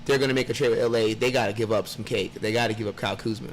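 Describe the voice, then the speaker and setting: A man's voice: lowish voice, fairly even intonation, very fast, a little hiss or hum. A man co-hosting a podcast, giving blunt, opinionated takes in casual sports chat and swearing freely. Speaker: podcast co-host.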